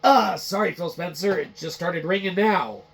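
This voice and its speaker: A man putting on a panicked male office worker in a high, yelling voice. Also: normal speed, slight background noise. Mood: flustered. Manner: frantic, shouting.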